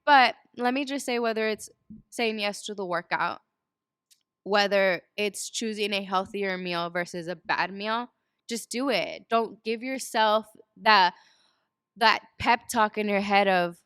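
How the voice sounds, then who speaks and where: Animated woman in her twenties. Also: mid-range voice, unhurried, clean tone, no room sound, clean studio sound. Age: 20s. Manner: animated storyteller, acts out quoted dialogue, laughs often. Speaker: guest. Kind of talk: casual chat.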